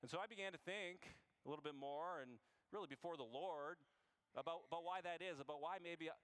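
A male pastor delivers a sermon in a relaxed, conversational tone. His voice sits a little higher than most men's, and he speaks with earnest warmth, often stopping and restarting a phrase as he searches for the words. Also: fairly quick, smooth.

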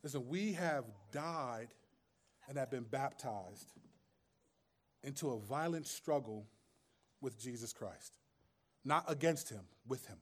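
A man's voice: mid-range voice, lively intonation, slow pace, pauses often. A man preaching a sermon as pastor, conversational and streetwise, with humor and rhetorical questions.

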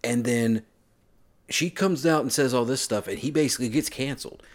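A man co-hosting a podcast in casual chat, ranting in an animated, incredulous way. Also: medium pitch, normal speed. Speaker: podcast co-host.

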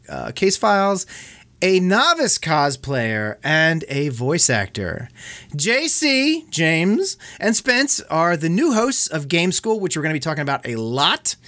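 A man's voice: high voice, a bit bright. A man hosting a casual podcast, chatty, laughing often and restarting his sentences. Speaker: podcast host.

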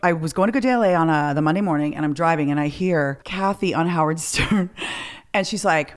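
A middle-aged woman chatting casually as a host. She tells her story with lively energy, swears freely and slips into the voices of the people she quotes. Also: on the low side, fast talker. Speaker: podcast host.

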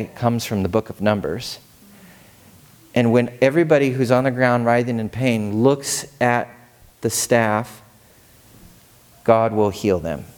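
A male pastor preaching a sermon in a church, energetic and casual, playfully urging the congregation to join in. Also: mid-range voice.

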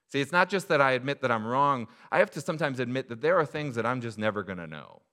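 A male pastor preaching a sermon to his church, moving from quiet reflection to loud, emphatic appeals. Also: medium pitch, lively intonation, fast talker, hardly any pauses.

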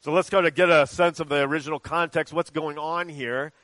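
A man giving a conversational sermon and leading a short prayer, talking in a relaxed way with many ums and uhs. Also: a little high, a little fast, no echo, poor audio. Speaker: preacher.

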